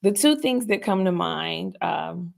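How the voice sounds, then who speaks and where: A woman's voice: on the low side, animated, unhurried, vocal fry. A woman guest on a podcast, candidly telling her own story in a reflective, hesitant way with many fillers and restarts.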